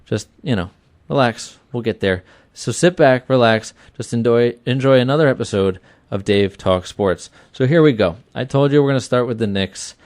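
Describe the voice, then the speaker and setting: A man in his thirties hosting a sports talk radio show, chatty and energetic, repeating himself for emphasis. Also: mid-range voice, normal speed, dry recording. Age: 30s. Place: small web radio studio.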